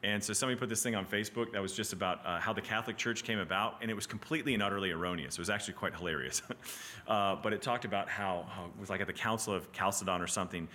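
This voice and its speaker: A man teaching a Bible study class in a casual, animated way, often asking "right?" and restarting his sentences. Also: lowish voice, racing, a little hiss or hum.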